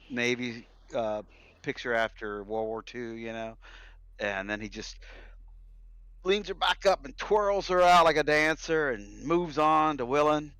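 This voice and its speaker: A man's voice: medium pitch, creaky, bright, forceful tone, smooth. A man running a tabletop game as game master, narrating in a laid-back, rambling way with lots of fillers, over faint music.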